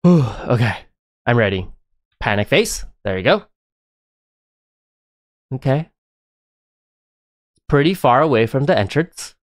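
A man giving excitable, chatty live commentary while playing a game, often breaking into laughter. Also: medium pitch, slow, pauses often, no echo, clean studio sound. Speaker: live streamer.

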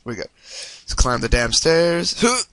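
A man hosting a let's-play video, reacting excitably and swearing when things go wrong. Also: fairly high pitch, slow pace, dry recording. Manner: excitable, yelps and swears at mishaps. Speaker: gaming video host.

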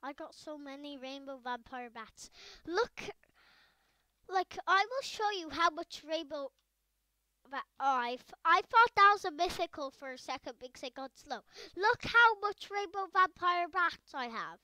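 High, bright-voiced excitable gamer woman. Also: measured pace, no echo. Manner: chatty and excitable, rambling with fillers. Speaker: gaming video creator. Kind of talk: casual gameplay commentary.

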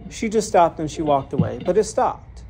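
Faint music plays behind a man whose warm, sing-song voice sits on the high side, with vocal fry and a normal pace. Preaching his personal testimony, he's candid and earnest, repeats words when he restarts, and laughs at himself as he tells the story.

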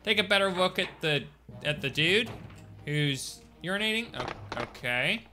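A man's voice: high voice, animated, measured pace, sharp tone, soft background music. A young man streaming a video game, chatting casually and joking with his viewers. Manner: chatty, jokey, talks to chat. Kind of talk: casual gameplay commentary.

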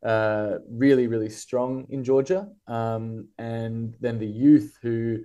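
A man's voice: mid-range voice, level tone, takes it slowly, warm tone, clear, resonant tone. A man with an Australian accent, a guest writer talking casually in a podcast interview, rambling and thoughtful with many fillers and restarts.

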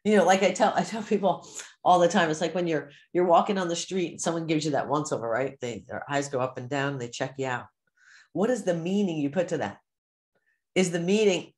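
A woman mindset coach giving an animated teaching talk to a course group, acting out the inner voices people hear. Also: sits low, brisk.

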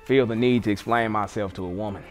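A man's voice: on the low side, fast, faint music behind. A man on a comedic dating show, rambling in a crude, swaggering way. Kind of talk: comedic in-character banter.

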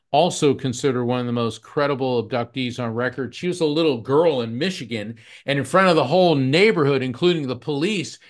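A man's voice: mid-range voice, fairly bright tone. Man telling earnest anecdotes. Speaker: psychic medium guest. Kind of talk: podcast storytelling.

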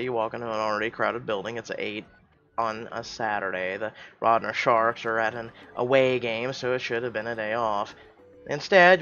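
A man reading a mobile story game aloud, breaking into loud, animated reactions between the passages. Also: medium pitch, dull audio.

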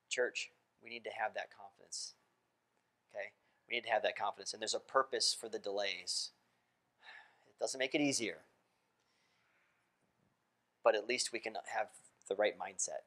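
A pastor preaching a sermon in a church, talking casually, asking the congregation questions and laughing often. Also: male voice, fairly low pitch, fairly even intonation, normal speed, long pauses, bright, forceful tone. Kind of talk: interactive sermon. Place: church sanctuary.

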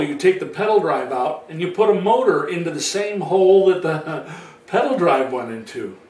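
A man rambles through a casual personal story, chatty and full of fillers. His voice sits a little high and echoes around the room. He sounds set back from the mic. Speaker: vlogger telling his own story. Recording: roomy sound from a distant mic.

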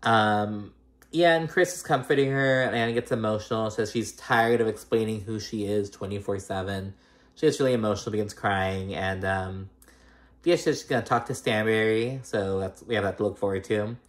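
A man's voice: on the low side, moderate pace. A man casually recapping a reality show episode, rambling with lots of fillers like "like" and "girl". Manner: chatty, filler-heavy retelling, full of 'like' and 'girl'.

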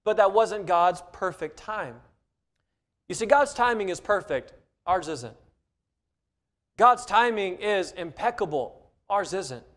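High-voiced man preaching a sermon. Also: animated, slow pace, long pauses, fairly bright tone. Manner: earnest preaching, acts out quoted voices with rising emphasis. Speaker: pastor. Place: church sanctuary.

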